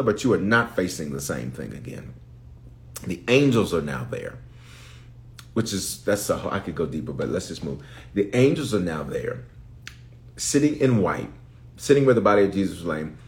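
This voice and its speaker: A man's voice: sits low, a little mellow. A man, a bishop, teaching from the Bible in an impromptu live stream, emphatic and repetitive, pleading with listeners to pay attention as he builds in intensity.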